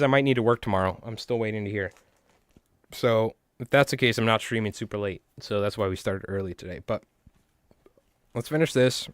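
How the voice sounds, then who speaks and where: A man, chatting in a rambling, animated way to his viewers while tying flies on a live stream. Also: mid-range voice, smooth, dry recording, studio quality. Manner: rambling, animated, talks to chat.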